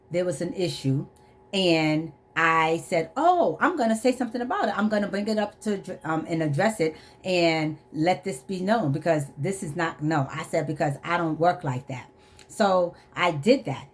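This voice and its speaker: A woman telling a personal testimony in a vlog, animated, acting out quoted dialogue and repeating phrases for emphasis. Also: on the low side. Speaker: vlogger.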